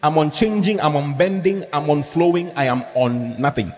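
A man preaching a sermon as pastor, humorous and animated, drawing responses from the congregation. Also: fairly high pitch, moderate pace. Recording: echoey hall, faint background noise.

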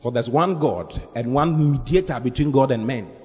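A man preaching an evangelistic sermon, swinging from loud animated shouting to low, earnest scripture reading. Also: normal speed, in a large hall.

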